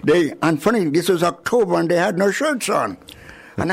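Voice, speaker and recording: An older man from Jamaica with a Jamaican accent, recalling his arrival in an oral history interview with chuckles and lively retelling. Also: high-pitched, moderate pace, vocal fry, husky. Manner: chuckling, animated storyteller.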